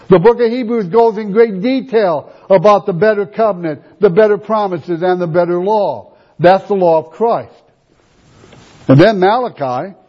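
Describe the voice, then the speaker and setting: A man's voice: sits high, a little mellow. A man preaching a sermon, emphatic, reading scripture and repeating rhetorical questions. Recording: dull lo-fi recording.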